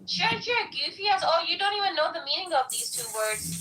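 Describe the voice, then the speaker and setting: High mocking woman, distant and noisy. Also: big pitch swings, fairly quick, crowd noise. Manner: mocking, repetitive heckling. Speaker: voice chat participant. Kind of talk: crude taunting banter. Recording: distant voice over heavy noise.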